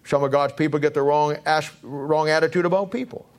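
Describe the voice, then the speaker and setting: A man preaching a sermon as pastor, pressing the congregation with repeated rhetorical questions, his pitch swinging from low to high. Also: fairly even intonation, a little fast. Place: church.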